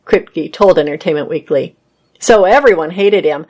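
A woman's voice: lowish voice, moderate pace, a little mellow. Woman reading entertainment news aloud. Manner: reads articles then adds casual personal comments.

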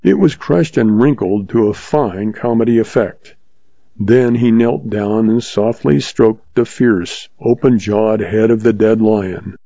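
A man narrating a story in a steady audiobook reading. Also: fairly low pitch, takes it slowly, gravelly, dry recording. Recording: slightly dull, dry recording.

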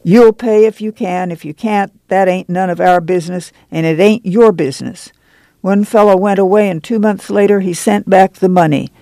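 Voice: mid-range voice, fairly even intonation, normal speed, gravelly, mellow, no room sound, natural voice. A reader voicing a stern middle-aged woman who runs a camp committee, scolding in a rural drawl. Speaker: reader doing character voices. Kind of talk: audiobook reading.

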